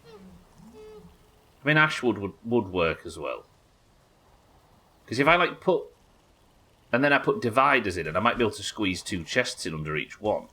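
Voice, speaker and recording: A man's voice: on the low side, big pitch swings, unhurried, long pauses, pushed and bright, breathy edge. A British man giving casual, chatty, sweary commentary while he plays and builds in a game. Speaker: game streamer. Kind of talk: casual let's-play commentary.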